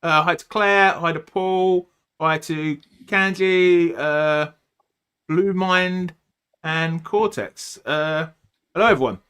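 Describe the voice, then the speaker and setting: A man's voice: fairly high pitch, takes it slowly, fairly bright tone, smooth. A man hosting a casual live podcast chat, joking and rambling, with lots of ums and uhs. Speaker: podcast host.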